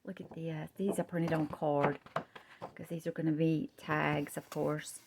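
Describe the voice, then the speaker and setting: A woman gushing over craft supplies in a home vlog, often dropping to a soft whisper, close to the camera. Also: low voice, flat delivery, a little slow, creaky, background noise. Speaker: craft vlogger. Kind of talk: show-and-tell craft vlog. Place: home, husband in another room. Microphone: camera held close up.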